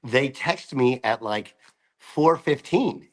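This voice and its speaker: A man's voice: mid-range voice, expressive, slow pace. A man, a college basketball coach, chatting casually as a radio guest, rambling and joking with frequent restarts.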